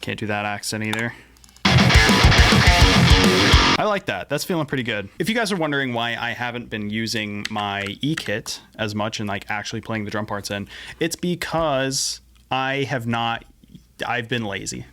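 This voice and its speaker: A man's voice: mid-range voice, normal speed, bright, forceful tone. A man chatting casually through a song he is building in his home studio, laid-back and self-deprecating, sometimes tripping over his words. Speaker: musician making a song on camera. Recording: music playing behind the voice. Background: guitar and drum playback.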